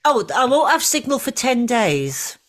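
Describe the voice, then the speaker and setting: A middle-aged woman co-hosting a podcast in casual chat, talking easily with fillers and gentle teasing. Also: on the high side, big pitch swings, measured pace. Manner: chatty, warm teasing, trailing fillers. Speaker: podcast co-host.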